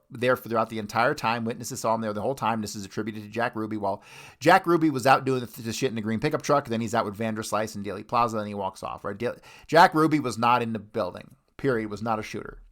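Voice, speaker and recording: Brief: male host, medium pitch, blunt and profane, interrupts to correct the record. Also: fairly bright tone. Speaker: host commenting on archive tape. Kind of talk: casual commentary.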